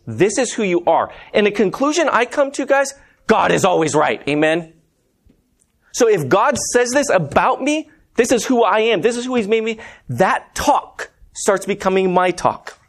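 A man's voice: high voice, animated, normal speed. A man preaching a conversational sermon, telling stories and calling the congregation "guys". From Montana. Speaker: preacher and math teacher.

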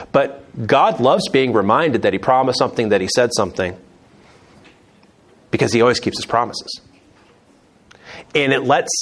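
A man leading a conversational Bible teaching, chatty, with joking asides and restarts. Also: lowish voice.

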